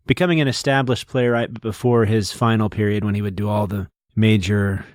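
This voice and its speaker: A man's voice: fairly low pitch, steady tone, fairly quick, a little mellow, no room sound, studio quality. A man co-hosting a podcast, patiently explaining things in a casual, lecturing way. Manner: lecturing, patient, detail-heavy. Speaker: podcast co-host.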